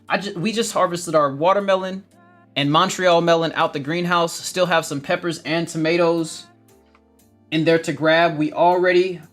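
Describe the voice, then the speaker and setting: Upbeat gardening livestream host. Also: male voice, sits high. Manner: upbeat, energetic, laughs often, calls viewers family. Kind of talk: casual livestream chat reading viewer comments.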